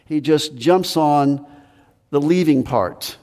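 Male pastor mid-sermon, chatty and emphatic, booming church reverb. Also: slow pace, darkish tone. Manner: conversational preaching, pitch rises and drops for emphasis. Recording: long reverb of a large hall.

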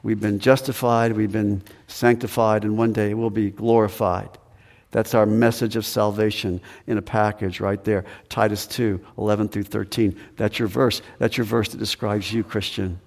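A man preaching a sermon to his congregation in a conversational way, his pitch swinging up and down for emphasis. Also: flat delivery, normal speed, gravelly, darkish tone. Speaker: pastor. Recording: long reverb of a large hall.

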